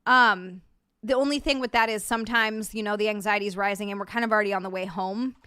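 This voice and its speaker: A woman's voice: mid-range voice, fairly even intonation, fast talker, sharp tone, clear, resonant tone, no echo, clean studio sound. A young adult woman streamer chatting casually and answering her live chat, reading out viewers' messages as she talks.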